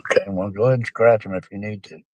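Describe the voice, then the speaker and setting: A man's voice: lowish voice, fairly even intonation, fast, darkish tone, dry recording. A middle-aged man, rambling casually and profanely to his live-stream chat, calling them folks.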